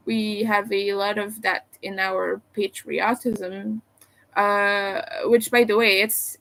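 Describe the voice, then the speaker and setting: Slow, hesitant Quebec-accented woman. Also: medium pitch, sharp tone. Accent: Quebec French. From Quebec, Canada. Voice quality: meandering, hesitant delivery full of fillers. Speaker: livestreamer. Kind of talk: casual live-stream chat.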